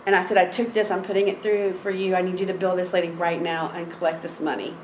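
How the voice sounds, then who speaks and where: A middle-aged woman court reporter telling a story in a blunt, animated way, with plenty of fillers. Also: fairly low pitch, fast talker, slight background noise. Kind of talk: anecdotal storytelling in a seminar chat. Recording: roomy echo.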